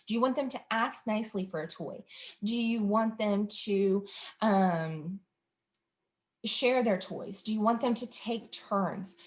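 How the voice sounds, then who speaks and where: A woman with a mid-range voice teaches parents about behavior strategies. She talks in an easygoing, explanatory way and often pauses on an um or uh. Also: mid-range voice. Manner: conversational, explanatory, with frequent fillers. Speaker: behavior specialist host. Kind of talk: instructional talk to parents.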